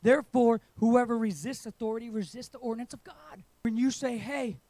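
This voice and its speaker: A young male pastor delivers a lively sermon in a fairly high voice. He swings from quiet asides to sudden shouted bursts. The sound is close and dry, with no room echo. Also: a little fast. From England. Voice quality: animated preaching, voice surging to shouts on emphasis. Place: church auditorium.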